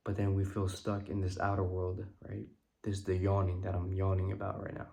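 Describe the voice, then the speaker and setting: A man's voice: deep voice, monotone, gravelly, warm tone. A tired, yawning man giving a loose, rambling spiritual talk that keeps asking "right?". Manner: loose and rambling, repeats "right?", slows down for emphasis. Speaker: creator talking about manifestation. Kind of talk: casual spiritual talk to camera.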